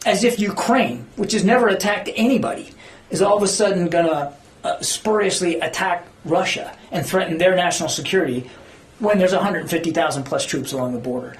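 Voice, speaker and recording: A man's voice: high voice, brisk. A man speaking as a government spokesman, answering reporters' questions at a press briefing in an earnest, emphatic way, sometimes searching for words. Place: briefing room. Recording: echoey briefing room.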